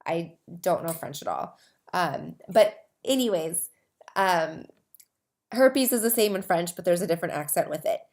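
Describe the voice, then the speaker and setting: A woman's voice: fairly high pitch, darkish tone. A woman hosting her own advocacy podcast, talking casually to camera in a rambling way with many asides and restarts. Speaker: host of a herpes advocacy podcast.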